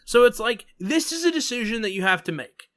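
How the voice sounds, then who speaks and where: A man's voice: very high voice, very animated, fairly quick, fairly bright tone. A man with a New York accent hosting a podcast, chatting casually with emphatic, sarcastic asides. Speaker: podcast host.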